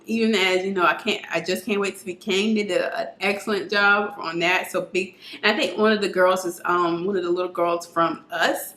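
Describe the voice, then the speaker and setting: A woman's voice: fairly low pitch, sharp tone. A woman chatting casually on camera as she reviews a film, earnest and full of fillers, recorded on her camera at home. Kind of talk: casual movie review chat. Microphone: camera mic. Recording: roomy echoey room sound.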